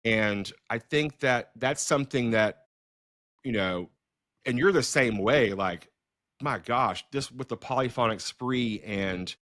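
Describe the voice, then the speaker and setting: A middle-aged man, a filmmaker hosting a podcast, telling stories in a casual, animated way with many fillers and restarts. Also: medium pitch, slow pace, no echo, clean studio sound. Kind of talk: casual storytelling conversation.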